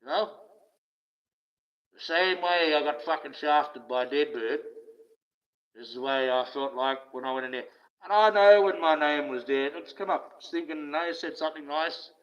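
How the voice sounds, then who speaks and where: A man's voice: on the high side, normal speed. An older man with an Australian accent, ranting casually and bitterly, swearing often and laughing wryly. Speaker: online streamer. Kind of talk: casual rant. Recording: slightly dull lo-fi audio.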